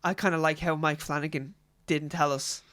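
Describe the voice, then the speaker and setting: Eager man with a high voice. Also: fairly even intonation, normal speed, a bit bright. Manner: eager, rambling storyteller. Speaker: podcast co-host. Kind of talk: casual chat.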